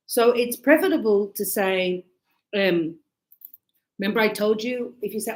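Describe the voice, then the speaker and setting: A woman teaching an English lesson to a live class in a chatty, playful way, checking in with quick questions. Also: mid-range voice, roomy sound, rough recording.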